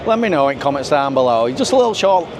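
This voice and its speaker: A man's voice: mid-range voice, big pitch swings, quick pace, crowd noise. A man with a Yorkshire accent chatting casually to camera while walking a busy street at night, rambling in broad dialect. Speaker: travel vlogger. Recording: street noise with passing traffic.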